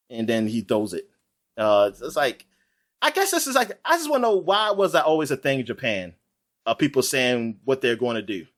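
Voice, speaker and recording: Animated, rambling man chatting on a podcast. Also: fairly high pitch. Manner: rambling, animated, laughs often, quick asides. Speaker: podcast co-host. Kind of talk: casual chat.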